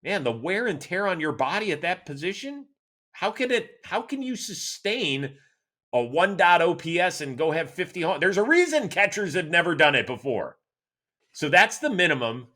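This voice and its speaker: A middle-aged man from Cleveland hosting a solo sports show, answering listener questions in an animated, chatty storytelling way. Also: moderate pace. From Cleveland, Ohio, USA. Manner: animated, chatty storyteller with lively swings in pitch. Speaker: host.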